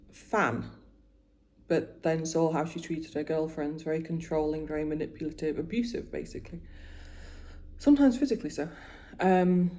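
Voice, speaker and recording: A woman's voice: on the low side, warm tone. A woman in her forties chatting casually about her week while doing her make-up, getting emotional and often trailing off and restarting. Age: 40s. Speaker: vlogger.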